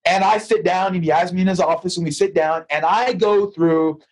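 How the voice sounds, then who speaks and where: A husky man with a high voice, guest on a podcast interview. He tells lively stories, acts out both sides of conversations, and often doubles up words when he restarts a sentence. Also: fairly quick, poor audio. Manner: lively storyteller who acts out dialogue. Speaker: guest, financial advisor.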